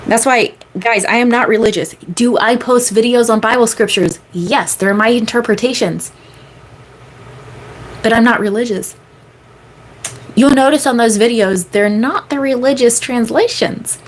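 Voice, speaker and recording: A woman's voice: fairly high pitch, a little slow, slight background noise. Chatty woman hosting a live Q&A. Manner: chatty, rambling, frequent fillers; emphatic, repeats key phrases. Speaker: manifestation coach. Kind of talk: casual live-stream Q&A.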